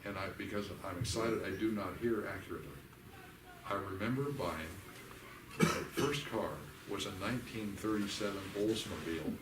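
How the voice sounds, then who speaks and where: An older man leading a church workshop. He teaches in a folksy, animated way and acts out the voices of the people he quotes. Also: on the low side, moderate pace, background noise. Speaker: workshop leader. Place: church hall. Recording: echoey hall recorded from a distance.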